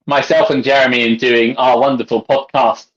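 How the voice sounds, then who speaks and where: A tipsy man co-hosting a casual livestream chat, rambling and loud as he drinks. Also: mid-range voice, level tone, normal speed. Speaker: co-host. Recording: dull lo-fi video call audio.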